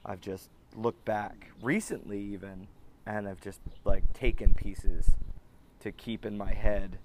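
A man in his thirties hosting a podcast, talking in a rambling, halting way with many restarts and fillers. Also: lowish voice, a little mellow, a little hiss or hum. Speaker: podcast host. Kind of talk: casual personal monologue.

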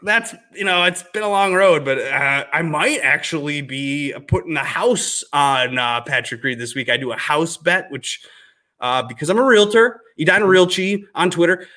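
A man's voice: fairly high pitch, normal speed. A man in his thirties from Minnesota with a Minnesota accent, chatting casually on a podcast and telling stories with exaggerated outbursts. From Minnesota, US Midwest. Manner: animated storyteller, jumps into exaggerated outbursts. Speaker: podcast guest, realtor.

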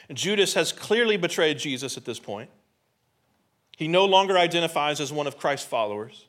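A man preaching a sermon with a voice pitched a little higher than most men's. He talks in a conversational, emphatic way and keeps putting rhetorical questions to the congregation. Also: animated, moderate pace, fairly bright tone. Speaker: pastor.

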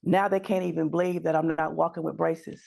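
A woman's voice: deep voice, level tone, brisk, gravelly, a little mellow. A middle-aged woman giving an earnest, emotional personal faith testimony as a guest, slipping into fervent prayer.

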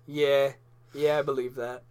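Joking, excitable podcast co-host man. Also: mid-range voice, measured pace, clean tone. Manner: crude, joking, excitable, laughs often. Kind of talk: casual banter.

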